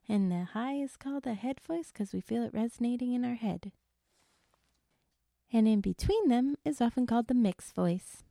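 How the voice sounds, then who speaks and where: Slow, calm woman voice teacher. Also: on the high side, creaky, no room sound, studio quality. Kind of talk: vocal exercise lesson.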